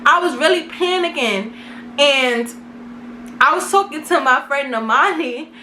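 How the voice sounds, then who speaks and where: A woman's voice: high voice, animated, unhurried, pushed and bright, a little hiss or hum. A young woman from Brooklyn, telling a casual storytime in a slangy, self-mocking way. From Brooklyn, New York. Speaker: vlogger. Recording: echoey room.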